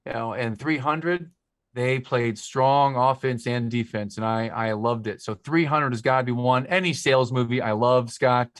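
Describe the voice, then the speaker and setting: A man's voice: medium pitch, moderate pace, dry recording, studio quality. Talkative emotional man in his forties. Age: 40s. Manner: talkative, emotional, rambling storyteller. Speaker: podcast guest. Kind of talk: casual conversation. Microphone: podcast microphone.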